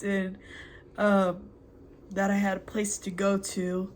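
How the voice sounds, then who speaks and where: A young woman slowly reading out a heartfelt spoken letter to a former mentor at home, halting and reflective, with many pauses. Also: medium pitch, completely flat delivery, a little hiss or hum. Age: young adult. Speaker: former student addressing a mentor.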